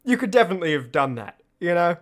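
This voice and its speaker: A man's voice: high voice, very animated, fast talker. A man streamer giving loose, laughing commentary on his own videos, full of restarts. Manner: rambling, laughs often, many restarts.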